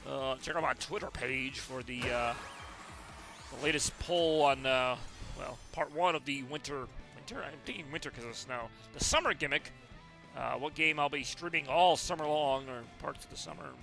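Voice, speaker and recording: A man's voice: mid-range voice, moderate pace, creaky, sharp tone, faint music behind. A man streaming a game live, chatting casually with viewers, rambling and laughing often.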